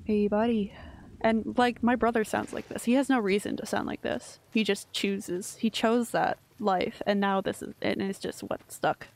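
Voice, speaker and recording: Gravelly, chatty young woman streamer. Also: mid-range voice, steady tone, moderate pace, hardly any pauses. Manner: chatty, rambling, swears casually, self-mocking. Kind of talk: casual gameplay commentary.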